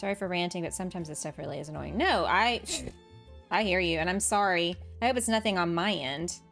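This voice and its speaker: Chatty woman streamer, soft game music. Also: lowish voice, fairly quick, creaky. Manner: chatty, self-deprecating, laughs often, reads and answers chat aloud. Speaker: streamer playing a farming game. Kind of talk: casual livestream chat while building.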